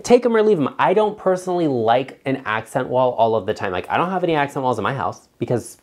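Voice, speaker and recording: Emphatic male design vlogger, casual and blunt, swings up high on asides. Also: lively intonation, fast. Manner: emphatic and chatty, big pitch jumps on asides. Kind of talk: casual straight-talking advice vlog.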